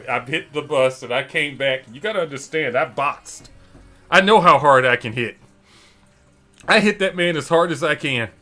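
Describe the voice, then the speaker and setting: A middle-aged man from Detroit, telling stories in a casual chat and laughing often. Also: a little high. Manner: animated, laughing often, acting out quotes. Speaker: streamer host. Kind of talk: casual storytelling.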